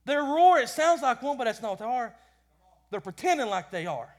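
A man preaching a sermon with passion, swinging between loud bursts and quiet lines, often repeating words as he goes. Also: very high-pitched, sing-song, a little fast. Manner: impassioned, rising and falling in loudness; repeats words when stumbling.

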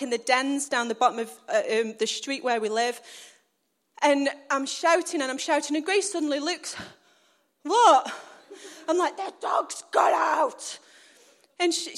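A woman on a stage, preaching through a lively personal story she acts out. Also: sits high. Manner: animated storytelling, acting out scenes. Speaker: church speaker.

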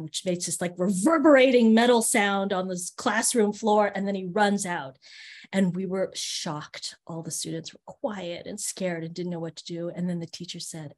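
A middle-aged woman from Northern California, an interview guest who works as a theater teaching artist, telling stories with lively quoted voices and frequent laughter over a video call. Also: lowish voice, normal speed.

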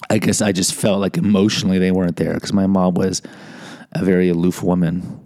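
A man's voice: deep voice, flat delivery, fairly quick, dark tone. A man hosting a podcast, telling a personal story in a candid, self-deprecating monologue with frequent restarts. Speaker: podcast host.

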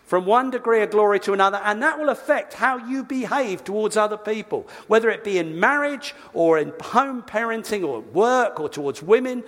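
Preacher guy, pretty high voice, chatty asides mid-sermon. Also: fairly quick, few pauses, in a large hall. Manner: lively preaching with asides and self-corrections. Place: church.

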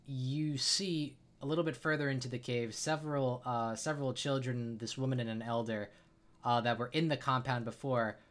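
A man's voice: mid-range voice, fairly bright tone. A man narrating a tabletop role-playing game as game master, with frequent uhs and restarts. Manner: many filler uhs, restarts.

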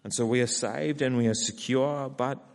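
A man with an Australian accent preaching a sermon, acting out a sulky character's complaints in a lively way. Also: medium pitch, normal speed, gravelly. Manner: animated, acts out Jonah's whiny complaints. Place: church hall. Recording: long hall reverb.

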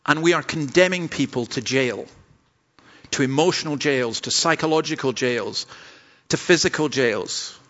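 A man's voice: on the high side, moderate pace, a bit bright, dull audio. A Scottish man, a pastor preaching a sermon, earnest and self-deprecating, with stumbling restarts. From Scotland.

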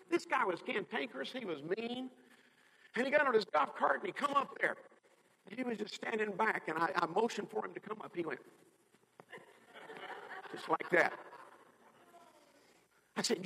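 A man, a pastor, telling a story in a sermon, animated and acting out the quotes. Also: sits high, normal speed, creaky, long pauses, long reverb tail, a little hiss or hum, poor audio.

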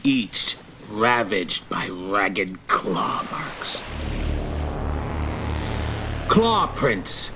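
A man's voice: fairly low pitch, big pitch swings, drawn-out words, pauses often, pushed and bright, a little hiss or hum. A man giving dramatic, suspenseful scripted narration for an audio comedy.

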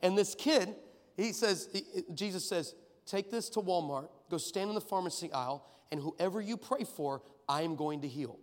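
A man preaching an energetic sermon, telling a story and building to shouted peaks. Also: sits high, normal speed. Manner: builds to shouted crescendos, acts out voices in stories. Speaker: guest preacher. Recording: long hall reverb.

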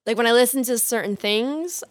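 A woman co-hosting a podcast in casual chat, speaking in a chill, monotone way. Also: fairly high pitch, moderate pace, no echo. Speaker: podcast co-host.

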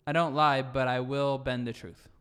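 A man co-hosting a casual podcast who answers with dry, deadpan comebacks. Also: mid-range voice, normal speed, smooth, big-room sound. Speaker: podcast co-host. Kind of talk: casual chat.

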